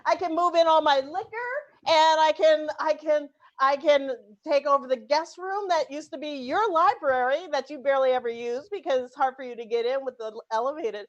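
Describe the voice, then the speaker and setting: High-voiced bubbly woman on a video call. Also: moderate pace, lo-fi sound. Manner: bubbly, laughs often. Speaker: improv host. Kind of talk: online improv show, in and out of scenes.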